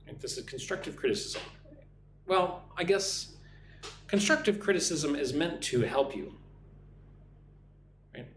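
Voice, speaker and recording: Lively man teaching English on a live stream. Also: fairly high pitch, a little slow, long pauses, roomy sound, a little hiss or hum. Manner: lively, reads chat comments aloud and models answers.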